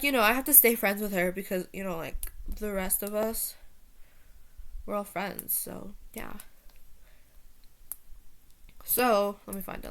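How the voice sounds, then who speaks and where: A teenage girl ranting casually to her viewers, rambling and profane with lots of filler words, jumping between loud outbursts and quiet muttering. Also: medium pitch. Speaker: vlogger. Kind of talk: casual rant to camera.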